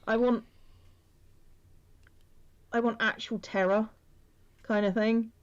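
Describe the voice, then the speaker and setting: A woman's voice: a little high, level tone, takes it slowly, dull audio. A woman chatting casually on a stream, rambling with dry complaints and frequent restarts. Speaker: streamer guest. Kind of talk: casual chat while drawing.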